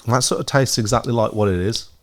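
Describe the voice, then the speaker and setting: A man's voice: medium pitch, fast, a little mellow, faint music behind. A man from England co-hosting a casual beer podcast, laid-back and swearing freely. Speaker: podcast co-host. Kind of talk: casual chat.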